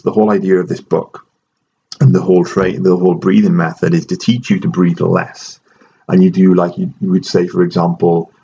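A man's voice: creaky, warm tone. A man hosting a casual podcast chat, explaining with frequent restarts. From Ireland. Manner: chatty, restarts often, explaining. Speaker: host. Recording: dull low-fidelity audio with faint noise.

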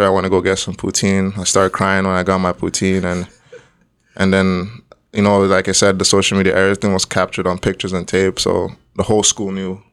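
A man's voice: sits low, a bit bright, smooth. A young man from Nigeria, the guest, telling a story in casual chat and laughing often along the way.

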